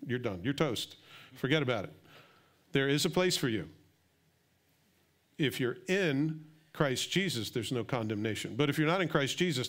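A middle-aged male pastor giving a sermon, swinging from quiet, intimate asides up to loud, excited emphasis. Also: mid-range voice.

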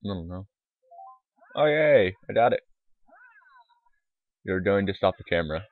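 A man's voice: deep voice, lively intonation, measured pace, no echo, soft background music. A man giving casual, rambling let's-play commentary, mumbling asides with lots of fillers, on a tinny, lo-fi mic. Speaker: gaming YouTuber. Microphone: desktop microphone.

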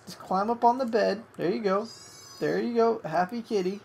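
An excitable young gamer calls a match live, cursing at rivals and breaking off to coax a pet in a lifted voice. The pitch sits mid-range, with a faint hiss of noise underneath. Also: normal speed, creaky. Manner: excitable, swears at opponents, coaxes a pet in a higher voice. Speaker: gamer doing live commentary. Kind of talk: live gameplay commentary.

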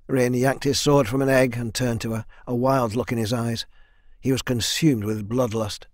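A male narrator reads a fantasy audiobook in an even, measured way. His voice sits in a middle range. The recording is dry and close, from a studio booth. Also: medium pitch, dry recording. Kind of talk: scripted narration.

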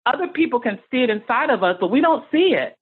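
A woman's voice: a little high, very animated, fast talker, slightly rough. Middle-aged woman, earnest, over a tinny line. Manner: earnest, motivational, builds emphatic lists. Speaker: guest, speech-language pathologist. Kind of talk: podcast interview.

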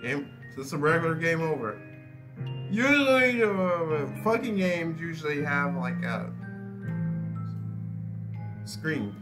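A man's voice: fairly high pitch, very animated, takes it slowly, long pauses. A young man giving casual, profane gameplay commentary, rambling and restarting his sentences. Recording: game music playing behind voice.

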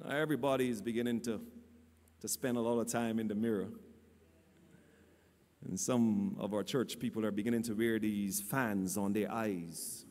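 A man preaching a storytelling sermon, animated, stammering and repeating his words. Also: on the low side, moderate pace, long pauses. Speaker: lay preacher and church teacher. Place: church hall. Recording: long church hall reverb.

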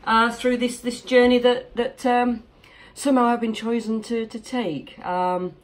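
A woman's voice: a little high, flat delivery, measured pace. A woman in her forties from Yorkshire, telling her personal story to camera from her home office in a candid, chatty, lightly joking way. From Yorkshire, England. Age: 40s. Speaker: vlogger.

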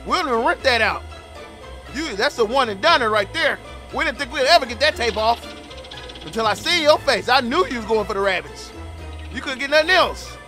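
A young man doing comedic game commentary, loudly roasting the characters in slang. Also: very high voice, lively intonation, moderate pace, soft background music. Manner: loud trash-talking, roasting characters in slang. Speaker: gaming streamer.

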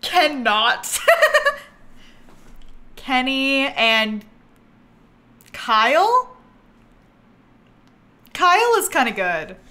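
Streaming a life-sim game live, this young woman speaks extremely slowly with long pauses. Excitable and quick to laugh, she alternates between squeals and low mutters.

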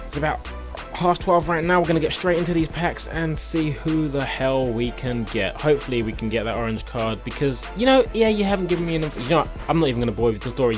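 A young man commentating a game pack opening, excitable and foul-mouthed, breaking into shouts. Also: medium pitch. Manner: excitable, swears freely, bursts into shouting. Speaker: gaming YouTuber.

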